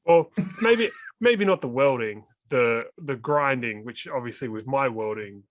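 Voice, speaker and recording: A man with an Australian accent, co-hosting a casual podcast chat, jokey and quick to laugh. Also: mid-range voice, lively intonation, no echo. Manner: chatty, jokey, laughs often. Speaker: co-host.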